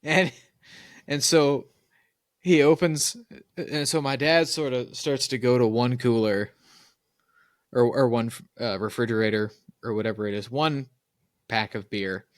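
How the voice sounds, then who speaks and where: A man co-hosting a podcast, talking in a casual and opinionated way and telling long anecdotes that he laughs at himself. His voice sits in a middle pitch. The recording is dry and close, with no room sound. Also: steady tone, unhurried, long pauses, dry recording. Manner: opinionated storyteller, laughs at his own stories. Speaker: podcast co-host.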